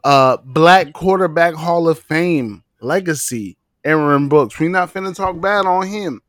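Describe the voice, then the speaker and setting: Man, podcast host, slow and emphatic, slightly high voice, dry close sound. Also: a bit bright, no echo. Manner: slow, emphatic, profane banter. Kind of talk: casual sports chat.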